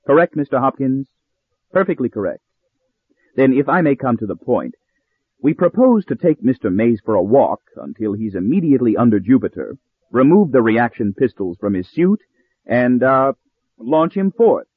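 A man's voice: mid-range voice, big pitch swings, normal speed, breathy edge. A man reading the part of a smug, pompous older professor who threatens with cool politeness, recorded with narrow phone-like sound. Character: smug scheming male professor, older, coolly menacing.

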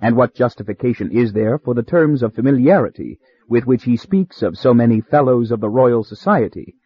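A man narrating a story in a measured, wry way, with a husky voice. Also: medium pitch, lively intonation. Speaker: audiobook narrator. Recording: slightly dull dry recording.

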